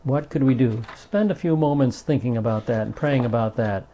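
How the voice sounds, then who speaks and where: A gravelly-voiced man teaches a Bible study in an earnest, emphatic way and stresses the passages he reads. His voice is dark and mellow. The recording is dull and lo-fi. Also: medium pitch, normal speed, a little hiss or hum.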